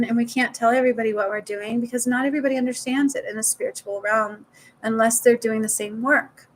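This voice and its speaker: A woman with a voice on the high side chats casually to live-stream viewers as a spiritual healer, swearing now and then and repeating words for emphasis. The low-quality recording carries a little hiss or hum.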